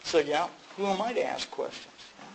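Storytelling man, slightly high-pitched. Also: lively intonation, a little fast, vocal fry, slight background noise, rough recording. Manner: conversational storytelling, frequent "you know", laughs at himself; acts out both sides of dialogues with sudden rises in pitch. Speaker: speaker sharing at a recovery meeting. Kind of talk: personal testimony to a group.

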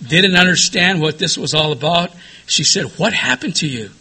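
A man's voice: fairly high pitch, fairly quick, pushed and bright, husky. A middle-aged man speaking at a recovery meeting, giving a plain-spoken personal testimony that rambles with many fillers.

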